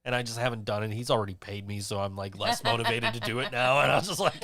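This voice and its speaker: A man's voice: medium pitch, animated, fast talker, pushed and bright, dry recording, studio quality. Rambling, profane male podcast host. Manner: rambling, profane, laughs often. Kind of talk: casual chat.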